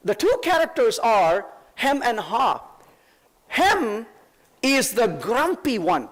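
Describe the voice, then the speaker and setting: Guy giving a keynote, really high voice, bounces all over, emphatic and chatty. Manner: emphatic and conversational, with rhetorical questions. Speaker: keynote speaker. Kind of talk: conference keynote. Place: conference stage before an audience.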